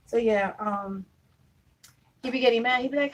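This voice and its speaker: A woman vlogger chats to the camera from her home in a fairly high voice. She tells little family stories in a loose, easygoing way, laughing easily as she goes. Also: normal speed, long pauses, poor audio. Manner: chatty, storytelling, laughs easily. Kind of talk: casual chat to camera.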